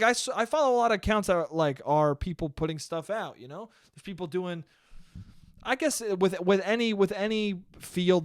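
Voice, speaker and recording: A man's voice: sits high, dry recording, studio quality. A young man hosting his own solo podcast, ranting with lots of swearing and mocking quotes. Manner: ranty, profane, mocking put-on poet voices. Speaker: podcast host. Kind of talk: solo comedic rant.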